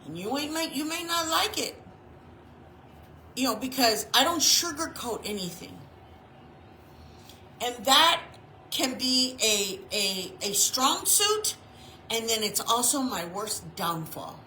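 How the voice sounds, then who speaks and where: A woman chaplain preaches a casual sermon with a bright, slightly high voice. She speaks frankly and in a chatty way, repeating phrases as she tells her stories. The room is echoey, with a faint hiss behind her. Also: very animated, slow pace, pauses often. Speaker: chaplain and reverend. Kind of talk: informal sermon.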